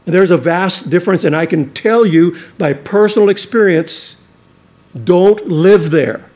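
A pastor delivers a sermon in a high-pitched voice, a little slowly, earnest and emphatic. He often restarts his sentences and sometimes drops into a quieter, intense delivery.

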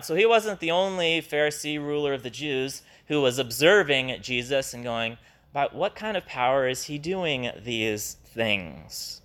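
A man's voice: fairly high pitch, a little slow. A man leading a Bible study, explaining a passage in an earnest, conversational way and acting out the quotes he reads. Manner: earnest, animated when quoting scripture.

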